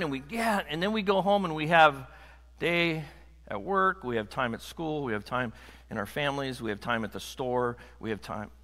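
A middle-aged American man preaching a lively sermon as pastor, building to loud emphatic peaks and joking with the congregation. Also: fairly high pitch, big-room sound. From United States.

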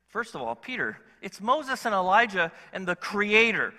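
A male pastor preaching a sermon in an animated, conversational way, asking the congregation questions. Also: high-pitched, moderate pace, in a large hall. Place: church sanctuary.

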